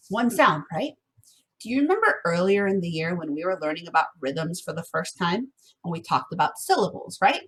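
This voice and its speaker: A woman's voice: medium pitch, big pitch swings, moderate pace, fairly bright tone, slightly rough. A woman music teacher giving an encouraging online lesson to first graders, sometimes singing the song examples.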